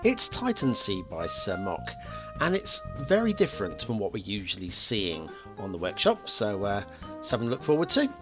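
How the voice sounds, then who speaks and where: Lively man hosting a game review. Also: fairly low pitch. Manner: chatty, lively, with many filler pauses. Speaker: host of a game map review show. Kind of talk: casual video game commentary. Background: faint background music.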